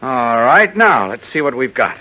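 A man's voice: medium pitch, sing-song, moderate pace. A man playing a reporter, patient and reasoning as he works through a puzzle, in a 1940s radio drama. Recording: dull old radio broadcast recording.

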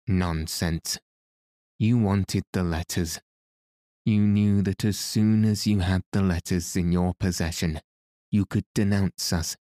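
A man's voice: deep voice, fairly even intonation, takes it slowly, dark tone, no room sound, studio quality. A man reading the lines of a defiant, sneering male swindler in an audiobook.

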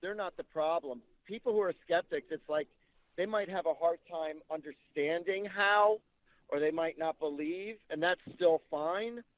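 A man's voice: on the high side, measured pace, no echo. A man working as a psychic medium, chatting casually and retelling readings with quoted dialogue. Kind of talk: casual storytelling. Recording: tinny phone-like line.

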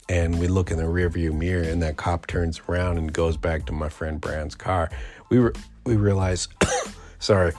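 A man's voice: sits low, a little mellow. A man in his forties hosting a podcast, telling a rambling, profane story and laughing as he goes. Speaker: podcast host. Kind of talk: casual storytelling.

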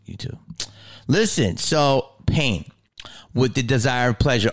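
A man's voice: mid-range voice, normal speed, creaky, no room sound, studio quality. A middle-aged man with a Philadelphia accent hosting a podcast, telling stories in a profane, rambling monologue. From Delaware County, Pennsylvania. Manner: profane, animated storytelling. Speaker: podcast host.

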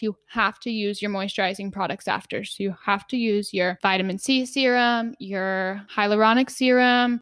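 A woman's voice: medium pitch, no echo, clean studio sound. A young woman co-hosting a podcast, talking casually and filling her talk with "like". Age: young adult. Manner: chatty, lots of "like" fillers. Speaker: podcast co-host. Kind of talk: casual chat.

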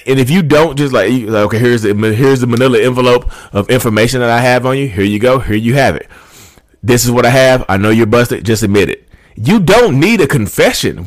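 A man's voice: mid-range voice, no echo. A man hosting a casual vlog, talking informally to viewers and calling them y'all. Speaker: YouTube host.

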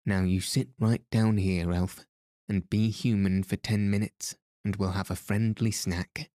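A man's voice: on the low side, steady tone, unhurried, mellow, no echo, lightly acted. A man reading the part of a genial, teasing middle-aged priest with dry, playful humor. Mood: gently teasing.

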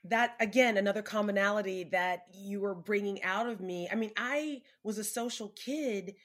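A woman's voice: mid-range voice, moderate pace, a bit bright. A woman co-host who shares personal asides before asking her question in a casual interview.

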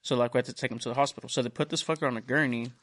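Rapid-fire and medium-pitched, a young male podcast host rattles through a long, foul-mouthed story in a casual conversation, performing the voices of the other people in it.

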